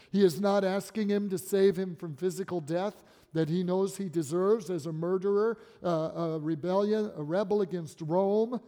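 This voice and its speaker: A man with a high, mellow voice preaches a sermon, pushing some phrases up with emphasis and letting others fall soft and low. His voice rings through a hall with a long reverb tail. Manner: preaching with emphatic rises and quiet drops. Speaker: pastor.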